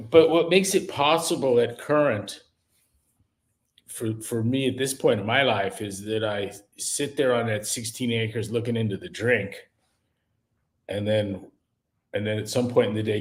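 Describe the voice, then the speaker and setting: A man who is a guest on a podcast, talking casually in a musing, halting way with many fillers. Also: fairly low pitch. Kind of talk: casual conversation.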